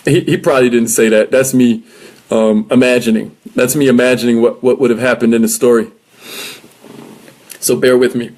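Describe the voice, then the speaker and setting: A man giving an energetic motivational talk, coaching his listeners directly and with emphasis. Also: mid-range voice, moderate pace. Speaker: motivational speaker.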